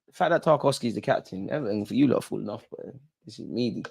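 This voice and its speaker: Excitable man doing match commentary. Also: quick pace, vocal fry. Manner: excitable, shouting at the referee, swinging between loud outbursts and low muttering. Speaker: fan channel host. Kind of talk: live match watch-along commentary.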